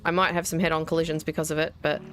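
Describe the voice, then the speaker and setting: An Australian woman in her thirties, a gaming video host, races along in a low, level voice. She gives casual, wry gameplay commentary, talking herself through each step while faint game music and keyboard typing sit in the background.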